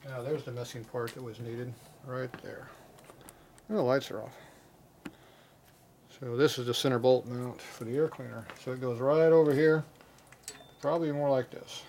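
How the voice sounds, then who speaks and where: A gravelly-voiced man talks his way through a motorcycle repair, blunt and plain-spoken as he mutters to himself. His commentary is casual and matter-of-fact. Clanking tools and workshop noise sit clearly behind him. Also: medium pitch, fairly even intonation, moderate pace, pauses often, darkish tone. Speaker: motorcycle mechanic.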